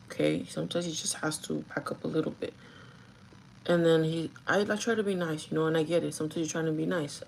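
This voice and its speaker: A woman's voice: lowish voice, gravelly, darkish tone, a little hiss or hum, poor audio. A woman who works as a store manager tells a casual, gossipy story to her livestream chat, full of "like" and the odd swear word. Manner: chatty and gossipy, with frequent "like" and swearing.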